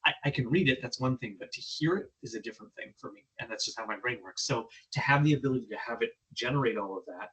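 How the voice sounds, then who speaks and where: A man presenting, explaining his demo in a relaxed, casual way. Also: medium pitch, fast talker, few pauses, breathy edge, rough recording.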